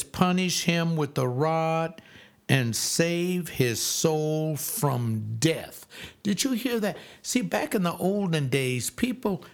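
A man in his seventies preaching a sermon, emphatic and repetitive, often acting out voices. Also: fairly high pitch. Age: 70s.

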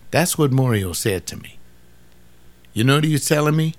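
A man's voice: medium pitch, expressive, normal speed, pauses often. An older man giving an informal sermon, repeating phrases for emphasis and talking straight to his listeners. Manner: repetitive, emphatic, conversational preaching. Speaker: pastor.

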